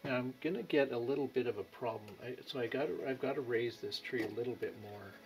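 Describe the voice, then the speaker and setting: Gravelly-voiced man teaching painting. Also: mid-range voice. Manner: thinks aloud while painting, with pauses and fillers. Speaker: painting instructor. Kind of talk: unhurried painting tutorial. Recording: music playing behind.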